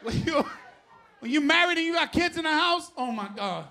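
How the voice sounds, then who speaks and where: A middle-aged man with a New York accent doing a profane stand-up set on a live stage, often shouting his punchlines and laughing through the bits. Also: extremely high pitch, expressive, moderate pace, some chatter behind. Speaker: stand-up comedian. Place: live comedy stage before an audience.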